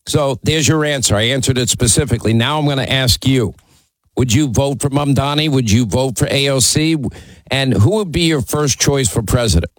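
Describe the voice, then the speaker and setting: A man's voice: mid-range voice, moderate pace, no echo, poor audio. Blunt mocking male radio host. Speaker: radio talk show host. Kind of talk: combative call-in radio talk.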